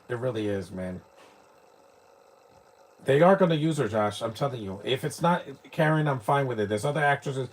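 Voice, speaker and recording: A man's voice: mid-range voice, slightly rough. A man from New York, giving rambling, opinionated live commentary while watching a movie, often restarting his sentences. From New York, United States.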